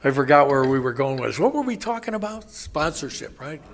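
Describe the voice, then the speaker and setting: A man sharing his recovery story at a meeting, rambling and interrupting himself, laughing at his own jokes and acting out quoted voices loudly. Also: fairly high pitch, sing-song, brisk. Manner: acts out quoted voices with sudden loud jumps. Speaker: AA speaker.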